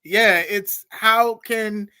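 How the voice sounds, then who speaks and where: Animated high-voiced male podcast host. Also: very slow. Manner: animated, laughs often, reads viewer comments aloud. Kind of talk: casual interview chat.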